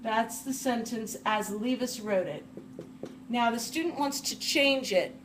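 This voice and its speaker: Slow, deliberate woman teacher lecturing. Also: a little high, slight background noise. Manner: deliberate, spells out words one at a time while writing. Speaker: literature teacher. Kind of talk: slow, careful lecture reading a text aloud.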